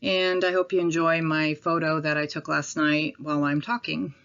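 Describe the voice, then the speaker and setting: A woman from the Midwest of the United States with a Midwestern accent, rambling and apologetic in a casual vlog, with pauses and ums. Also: deep voice, flat delivery, fairly bright tone, clean tone, highs cut off. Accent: Midwestern American. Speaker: vlogger. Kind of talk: casual talk to camera. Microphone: home recording.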